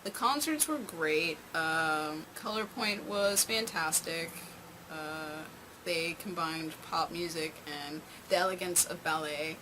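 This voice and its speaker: A woman's voice: sits low, slow pace. A young woman telling a casual storytime in a rambling way, with many fillers and restarts. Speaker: vlogger. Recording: noisy home recording.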